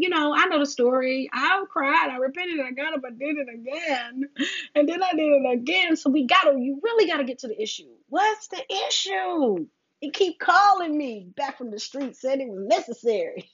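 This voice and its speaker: A middle-aged woman talks faith to her listeners in a casual, preachy way, calling them sis. Her voice sits fairly high and swoops widely. The recording sounds dull and lo-fi. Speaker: faith talk host. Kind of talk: casual faith talk to viewers.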